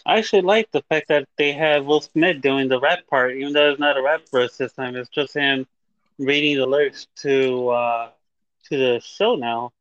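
A man co-hosting a casual podcast, relaxed and joking. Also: mid-range voice, normal speed, dry recording, highs cut off. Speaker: podcast co-host.

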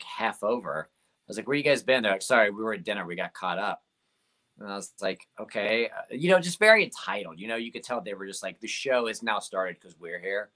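A man's voice: lowish voice, bright, forceful tone. A young comedian telling stories from his shows in a casual interview, rambling with lots of "like" and fillers. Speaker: comedian guest.

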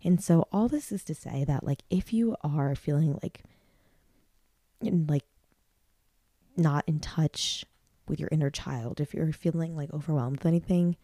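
A woman's voice: sits low, unhurried, long pauses, mellow, no room sound. A woman hosting a solo podcast, talking in a rambling, heartfelt way full of "like" and restarts. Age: 20s. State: near tears at times. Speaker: podcast host.

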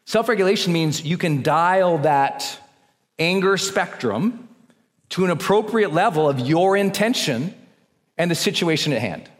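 A man giving an energetic, coaching motivational talk to a live audience and leading them through breathing exercises. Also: a little high. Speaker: motivational speaker. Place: large hall with a live audience. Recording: long reverb of a large hall.

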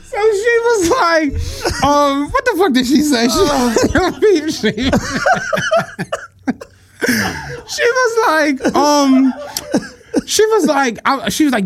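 A man's voice: extremely high pitch, unhurried. A young man co-hosting a podcast, telling a story in casual chat with lots of swearing and laughter. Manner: animated, profane storyteller who laughs through his stories. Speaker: podcast co-host.

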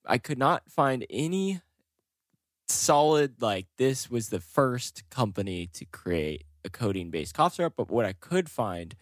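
A man's voice: medium pitch, very animated, a little slow, no room sound, studio quality. A man co-hosting a casual podcast, reading history notes loosely and laughing often. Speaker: podcast co-host.

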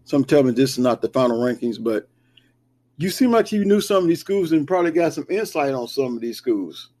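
A man's voice: mid-range voice, animated, fairly quick, darkish tone. A man hosting a casual sports talk show, reading down a rankings list with chatty asides. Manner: conversational, reads list with asides. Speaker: show host. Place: Kansas, near Wichita.

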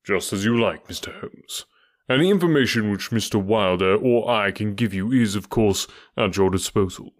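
A man voicing a stately, cold middle-aged duke who speaks in a deep, sonorous, formal way. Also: moderate pace, natural voice. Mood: coolly formal.

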